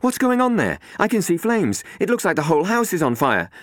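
A man voicing a frantic middle-aged aunt on the phone, urgent and loud. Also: sits high, wildly swooping pitch, a little slow, husky, no room sound, pitched above the performer's own voice, heavily acted. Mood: alarmed.

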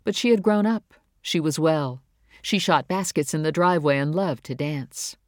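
Measured audiobook reader, dry booth. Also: medium pitch, no echo. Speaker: audiobook narrator. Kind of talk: scripted narration.

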